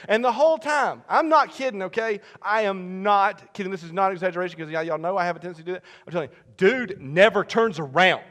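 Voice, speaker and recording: A male pastor tells a story in a lively, animated way, dropping to near murmurs and then bursting into shouts. His voice is fairly high and very bright. A long reverb trails behind him in a large hall. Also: quick pace. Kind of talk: sermon.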